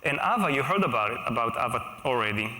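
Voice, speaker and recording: A man delivering a conference keynote in a conversational way, now and then checking in with the crowd. His voice is bright and forward, and it carries a long, roomy echo from a big hall. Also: mid-range voice, sing-song, quick pace, slight background noise. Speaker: keynote speaker. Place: stage at a large live conference. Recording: echoey large hall.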